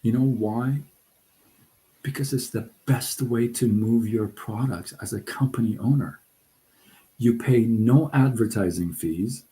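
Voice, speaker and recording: A middle-aged man hosting a casual live stream, talking in an animated, excitable way with frequent restarts. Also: medium pitch, measured pace, low-quality recording. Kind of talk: casual livestream talk. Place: Southern California.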